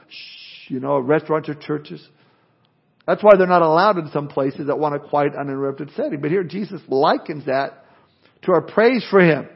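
The sermon comes from an older male pastor whose high voice is slightly rough, with vocal fry. He preaches in a lively, conversational style full of restarts, captured on a dull, lo-fi recording.

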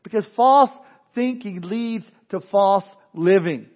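A man delivers a sermon from the pulpit in a high voice, often doubling words and restarting his phrases. The recording sounds dull and lo-fi. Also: takes it slowly. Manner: preaching with frequent repeated words and restarts. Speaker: pastor.

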